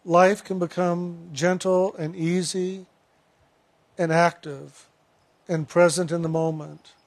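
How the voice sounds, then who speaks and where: High-voiced man telling a sermon story. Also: flat delivery, vocal fry. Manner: storytelling with retold dialogue; slow and reflective.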